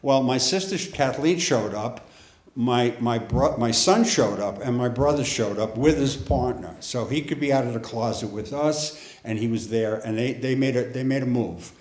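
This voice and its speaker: A man's voice: medium pitch, normal speed. Wry middle-aged man telling a story. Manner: wry, conversational, deadpan asides. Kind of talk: live personal storytelling. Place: theater stage. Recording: echoey theater room with faint ambience.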